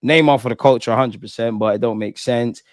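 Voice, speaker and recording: A man hosts a live football reaction stream, talking casually and animatedly with plenty of slang as he responds to his viewers' chat. His voice sits at a middle pitch. The sound is dry and close, recorded on a desk mic in a small room. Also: fast talker, dry recording. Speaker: football channel host.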